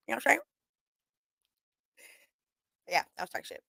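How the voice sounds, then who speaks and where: A woman's voice: a little high, expressive, very fast, gravelly, pushed and bright, dry recording. A young woman hosting a talk radio show, telling stories in a casual rambling way, laughing often and swearing as she quotes people. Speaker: radio show host and comedian. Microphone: studio microphone.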